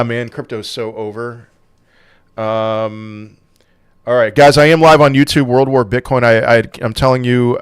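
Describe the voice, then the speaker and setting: Smooth-voiced man hosting a crypto livestream. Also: medium pitch, no room sound. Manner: offhand, dry sarcasm. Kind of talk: casual livestream chat, reading viewer questions.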